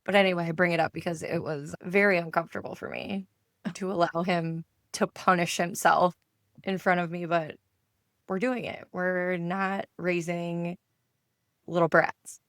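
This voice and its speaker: A woman co-hosting a podcast in casual chat, her voice hoarse, telling stories and acting out the dialogue. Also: lowish voice, fairly even intonation, moderate pace, no echo, studio quality. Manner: storytelling, acts out quoted dialogue. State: hoarse from yelling. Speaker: podcast co-host and enneagram coach.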